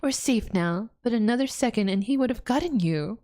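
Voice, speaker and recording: A woman's voice: fairly high pitch, animated, a little fast, dark tone, pitched above the performer's own voice, lightly acted. A woman voicing a cute, good-natured young shawarma fairy girl in a game, urgent and reassuring.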